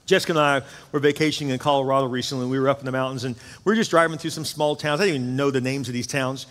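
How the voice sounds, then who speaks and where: This pastor in his fifties races through a sermon in a church sanctuary, mid-range, steady, and a bit bright. He preaches emphatically with storytelling that rises and falls in intensity, echoed by long hall reverb.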